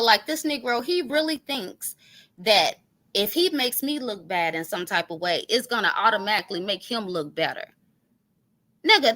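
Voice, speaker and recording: A woman's voice: fairly high pitch, pushed and bright. A woman, ranting on her stream in a profane, confrontational, sarcastic way. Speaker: online commentary streamer. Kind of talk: heated ranting callout monologue.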